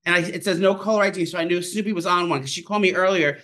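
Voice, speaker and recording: Fast, bright-voiced chatty man. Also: high-pitched. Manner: rambling storyteller, fast and chatty. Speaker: podcast co-host. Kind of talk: casual chat. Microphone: home microphone.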